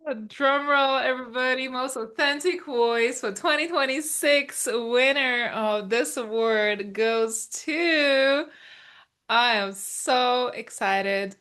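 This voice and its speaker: A woman's voice: high voice, takes it slowly, a bit bright. Enthusiastic woman announcing an award. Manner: enthusiastic and affirming. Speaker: awards ceremony host. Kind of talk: online awards presentation.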